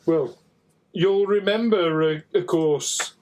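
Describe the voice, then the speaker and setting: Man playing a shifty ex-cadet, Black Country accent, offhand, evasive, fairly high voice. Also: slow, darkish tone. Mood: defensive. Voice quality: broad regional drawl. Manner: offhand, self-excusing.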